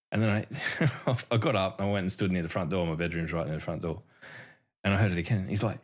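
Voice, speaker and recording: A man's voice: deep voice, quick pace. A man with an Australian accent co-hosting a gaming podcast, swearing freely and laughing through his stories. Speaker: podcast co-host. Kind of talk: casual gaming chat.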